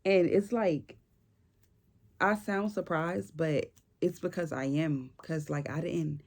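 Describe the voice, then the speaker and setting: A young woman telling a personal story in a casual, animated and chatty way, full of slang and fillers. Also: low voice, measured pace. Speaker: vlogger.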